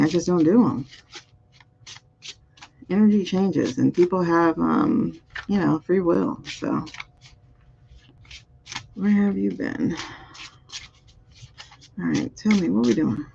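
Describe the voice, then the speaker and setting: A woman's voice: on the low side, creaky, warm tone, slight background noise. A woman doing a live-streamed spiritual card reading, musing aloud over the cards and chatting with viewers. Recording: dull, muffled audio.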